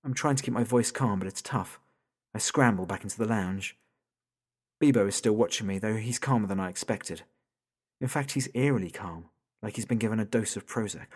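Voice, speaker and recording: A man's voice: normal speed, darkish tone. A man reading a first-person audiobook story as a frightened father, his voice climbing sharply when he asks questions. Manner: tense and rising, pitch jumping up in panic on questions. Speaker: narrator, father of small children.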